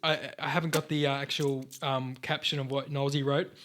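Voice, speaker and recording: A man's voice: mid-range voice, level tone, a little fast, fairly bright tone, slight background noise. A man with an Australian accent, a podcast host in casual chat, rambling and swearing freely. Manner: rambling, swears casually, stumbles over restarts.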